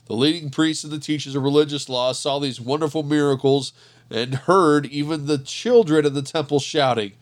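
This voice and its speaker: A man reading a Bible passage aloud in a measured, earnest narrating voice. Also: on the high side. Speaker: scripture reader. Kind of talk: scripture reading.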